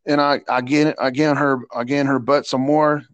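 A man telling a coaching story in a casual chat, animated and slangy, stumbling over repeated words and laughing often. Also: mid-range voice, brisk, clear, resonant tone, no room sound, highs cut off. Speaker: podcast guest, assistant softball coach.

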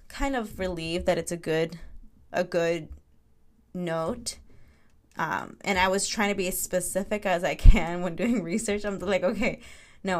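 A young woman talks through her dreams in a loose, candid podcast chat. She swears freely and laughs often, and her voice sits a little low for a woman. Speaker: podcast host. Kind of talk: casual solo podcast chat.

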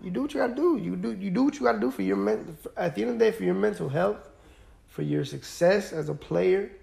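A man's voice: sits high, quick pace, vocal fry, darkish tone. A young man hosting a podcast, chatting casually about sports in a laid-back, rambling way with lots of fillers. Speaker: podcast host.

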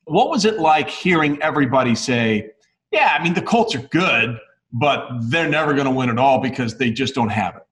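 A man's voice: mid-range voice, lively intonation, moderate pace, fairly bright tone. A man hosting a casual sports interview, setting up stories for his guest in a conversational way. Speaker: podcast host. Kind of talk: interview questions.

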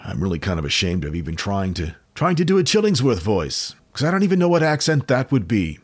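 A man's voice: on the low side, huge pitch swings, fairly quick, breathy edge. An American man hosting a podcast, casually telling a true crime story with wry, offhand jokes.

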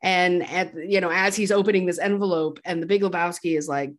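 A woman co-hosting a podcast, retelling a movie in an animated, jokey way. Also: fairly low pitch, a little fast, few pauses. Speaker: podcast co-host. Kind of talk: casual movie recap chat.

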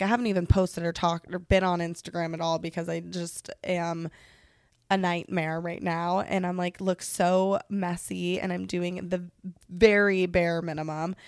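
A woman's voice: lowish voice, no room sound, studio quality. A young woman hosting a podcast, venting candidly and casually with frequent swearing and lots of "like". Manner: candid, profane, heavy use of "like". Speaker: podcast host.

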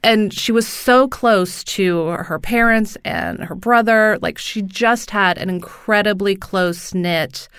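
A woman co-hosting a podcast speaks in a smooth, clear voice at a middle pitch. She keeps the talk easy and agreeable, often backing up her partner. The sound is close and dry, as from a studio microphone. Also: a bit bright, no echo. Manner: affirming, quick to agree and laugh along. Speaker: podcast co-host. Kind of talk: casual podcast chat.

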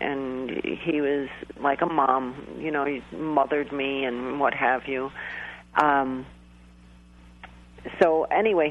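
A man, a guest psychic medium, telling a personal story on a call-in interview in a rambling, hesitant way full of restarts. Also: on the high side. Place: calling in from home in New York. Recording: tinny phone line.

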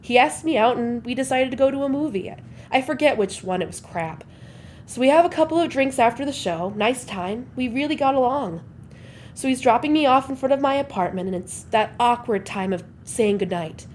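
A woman's voice: a little high, expressive, brisk, a little mellow, slight background noise. Wry, sarcastic woman telling a story. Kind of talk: acted comic monologue.

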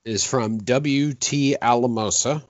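A man's voice: mid-range voice, takes it slowly, no room sound, muffled recording. A man co-hosting a casual film podcast, joking dryly and reading listener comments aloud. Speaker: podcast co-host.

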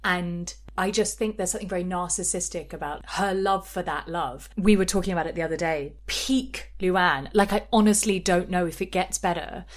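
A woman's voice: fairly low pitch, normal speed, hardly any pauses. A woman co-hosting a podcast in casual pop-culture chat, gossipy and given to acting out quotes. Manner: gossipy, acts out quotes in bursts. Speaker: podcast co-host.

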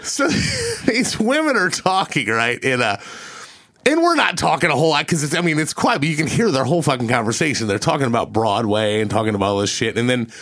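A man's voice: medium pitch, sing-song, brisk, a bit bright. A man co-hosting a podcast, telling a story in casual chat, swearing freely and laughing often. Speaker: podcast co-host.

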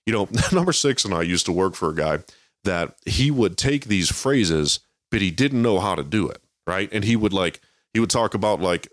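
Podcast co-host, male, very deep voice, angry profane ranter, dry close sound. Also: lively intonation, moderate pace, no echo. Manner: heated, swears constantly, mocking impressions. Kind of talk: profane political rant.

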